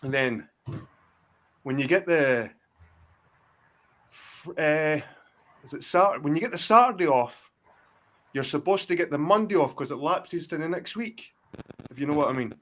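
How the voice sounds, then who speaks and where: A man's voice: a little high, lively intonation, measured pace, long pauses, a bit bright. A Scottish man in his forties, a guest in a casual chat, telling rambling, profane stories full of restarts over a video call. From Scotland. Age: 40s.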